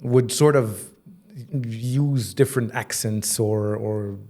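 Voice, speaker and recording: A man's voice: fairly low pitch, slow pace. A man in his forties, a voice actor and creative director, telling stories animatedly in a casual interview, often laughing. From Egypt. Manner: animated storyteller, slips into mock accents and laughs.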